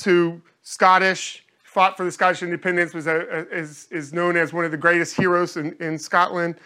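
A man's voice: sits high, level tone, moderate pace, hardly any pauses, bright, forceful tone. A man preaching a sermon in an earnest way, often repeating words as he searches for the phrasing. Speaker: pastor.

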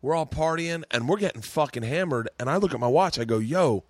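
A man's voice: a little high, brisk, no echo. Laid-back male comedian guest, dry mic. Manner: relaxed, chimes in with frequent "yeah". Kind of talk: casual storytelling chat.

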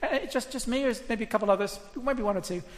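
A woman's voice: on the high side, fast. A woman preaching a sermon in an earnest, conversational way, repeating her points for emphasis. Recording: long hall reverb.

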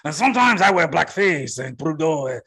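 A man's voice: a little high, sing-song, a little fast, fairly bright tone, husky, full character voice. A man doing a bad fake French accent. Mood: mocking smug. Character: mocking impression of a male politician.

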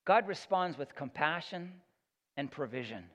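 A man's voice: on the high side, animated, moderate pace, a bit bright. A man preaching a sermon as pastor, earnest and emphatic, often repeating words as he builds his point. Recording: echoey hall, dull lo-fi sound.

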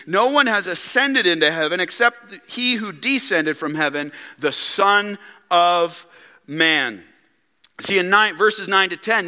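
A man's voice: high-pitched, bright, forceful tone, long reverb tail. A man preaching a sermon as a pastor, emphatic and full of rhetorical questions, acting out quoted lines. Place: church sanctuary.

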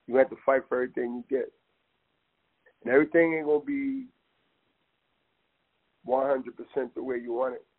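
A man with an expressive, medium-pitched voice talks at normal speed but pauses often. Passionate and emphatic, he rambles and keeps saying "man" to the listener, heard over tinny phone-line audio.

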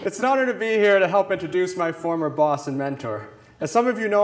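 A young man, a former chief of staff, giving a humorous prepared introduction at a podium in a lecture hall. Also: fairly high pitch. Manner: humorous, warm anecdotes drawing laughs. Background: audience laughter.

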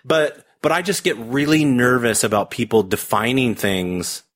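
A man's voice: medium pitch, fairly bright tone. A man talking bluntly on a podcast, cursing now and then and restarting his sentences. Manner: blunt, profane, halting restarts. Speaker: podcast guest. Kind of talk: casual podcast talk.

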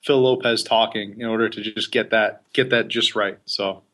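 A man co-hosting a casual podcast, trading jokey, deadpan banter. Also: on the low side, normal speed. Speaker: podcast co-host.

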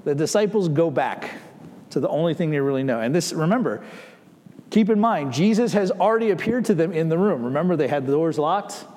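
A man's voice: on the high side, animated, brisk, darkish tone, in a large hall. A man preaching a sermon as a pastor, speaking conversationally and acting out the people in the story. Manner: conversational, acting out quoted voices.

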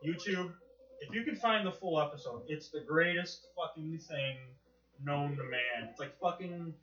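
An excitable young man co-hosts a casual podcast. He rambles and swears, with a bright, forceful voice pitched a little high. The recording is roomy and muffled. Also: normal speed. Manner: rambling, excitable, swears a lot, lots of fillers and restarts. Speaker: podcast co-host. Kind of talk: casual chat.

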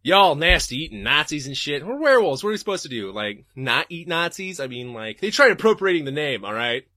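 A man's voice: a little high, sing-song, brisk, pushed and bright, no echo, studio quality. A man hosting a podcast and reading live chat, talking casually and profanely and laughing often.

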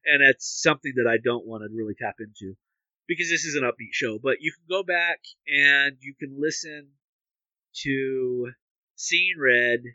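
A man in his thirties co-hosting a casual podcast, rambling and relaxed with easy laughter. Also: medium pitch, moderate pace, no room sound, muffled recording. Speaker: podcast co-host.

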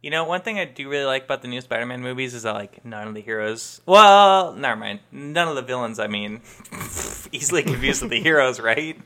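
A man appearing as a guest on a casual podcast, with a mid-pitched, everyday voice. He asks curious questions, throws in quick asides and laughs easily. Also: expressive, a bit bright. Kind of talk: casual chat.

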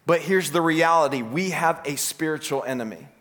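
Man, pastor preaching, high voice, animated, acts out quotes. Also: normal speed. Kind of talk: sermon.

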